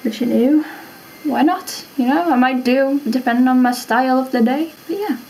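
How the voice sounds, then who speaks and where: A woman's voice: high voice, fairly even intonation, moderate pace, a little mellow, slight background noise, rough recording. A young British woman chatting casually to camera at home, rambling with lots of "you know" as she answers questions. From Britain. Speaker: vlogger.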